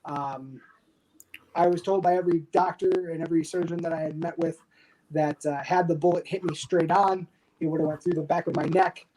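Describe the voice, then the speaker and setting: A man in his thirties from the United States, a podcast guest telling a war story candidly and with dark humor, swearing freely. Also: on the high side, steady tone, fairly quick, a little hiss or hum, poor audio. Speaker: podcast guest, army veteran. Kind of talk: casual storytelling interview.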